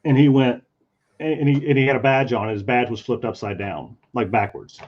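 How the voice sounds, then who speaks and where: Over dull lo-fi stream audio, a man tells a convention story casually as he draws. His voice is medium-pitched at normal speed, and he animatedly acts out the voices he quotes.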